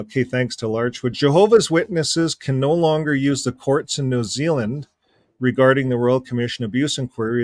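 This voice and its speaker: A man's voice: medium pitch, no echo, clean studio sound. A Canadian man co-hosting a casual online news chat, emphatic and fond of repeating phrases, with sarcastic asides. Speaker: co-host.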